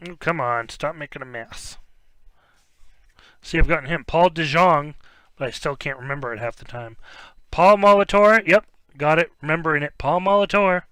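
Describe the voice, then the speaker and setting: A fairly high-pitched young man speaks at a normal speed with no room sound. Hosting a card break, he chats casually while opening packs and naming players, rambling, occasionally tripping over names, and now and then erupting with excitement during the live stream.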